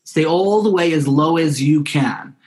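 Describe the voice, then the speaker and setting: A man's voice: fairly high pitch, a little slow, darkish tone. Earnest man with frequent restarts. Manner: earnest, heartfelt, with many restarts. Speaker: podcast guest. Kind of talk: casual interview talk.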